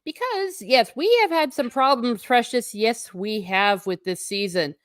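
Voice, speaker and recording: Animated woman hosting a livestream. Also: a little high, unhurried, no echo, studio quality. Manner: animated, exclaiming, talks to chat. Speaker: livestream host. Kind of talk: casual livestream commentary.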